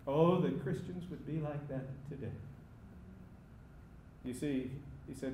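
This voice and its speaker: A man preaching a sermon, emphatic, sometimes rising to loud cries. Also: a little high, moderate pace, reverberant, a little hiss or hum.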